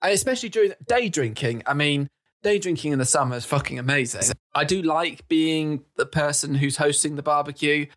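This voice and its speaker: A man chatting casually as a podcast guest, relaxed and laughing at his own stories. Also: a little high, a little fast. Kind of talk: casual chat.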